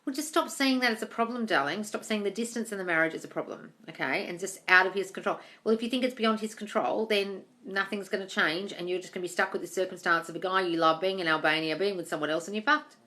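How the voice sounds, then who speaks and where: A woman answering live-stream questions in a bright, forceful voice. She is blunt and swears freely, reads viewers' comments aloud, and calls everyone darling. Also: medium pitch, fast talker, few pauses. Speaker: manifestation coach answering live chat questions.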